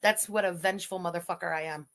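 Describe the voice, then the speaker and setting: A woman livestreamer on an angry, profane rant, shouting insults at her audience. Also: lowish voice, steady tone, fast talker.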